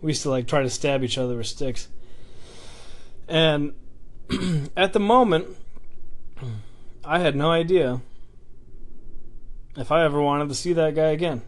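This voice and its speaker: Man, somewhat high voice, casual halting storyteller with lots of restarts. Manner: halting, full of fillers and restarts.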